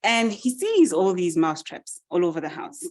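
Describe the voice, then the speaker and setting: A woman giving a speech, narrating a farmyard fable with lively, animated delivery. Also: on the low side, moderate pace. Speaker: summit speaker. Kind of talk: storytelling speech.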